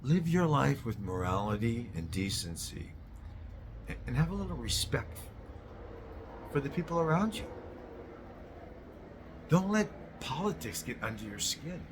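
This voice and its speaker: A man delivering a blunt, profane ranting monologue that keeps flaring into loud outbursts. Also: mid-range voice, big pitch swings, moderate pace, a little hiss or hum. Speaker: host.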